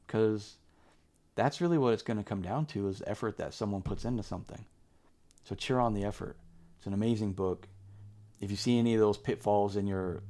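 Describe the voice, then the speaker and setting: A man's voice: on the low side, warm tone. A man giving a casual, candid book review, rambling with lots of fillers and restarts and turning earnest when he urges viewers. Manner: earnest and emphatic when urging.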